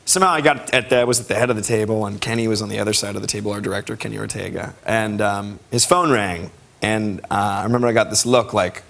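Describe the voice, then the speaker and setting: A man guest on a talk show, telling an anecdote in an animated way with fillers and laughter. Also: lowish voice, fast, gravelly, few pauses.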